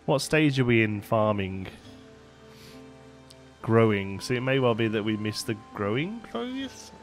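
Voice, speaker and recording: A man's voice: fairly low pitch, big pitch swings, measured pace, soft background music. A man casually commentating a city-building game as he plays, chatty and rambling, laughing often and thinking aloud. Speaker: let's play host.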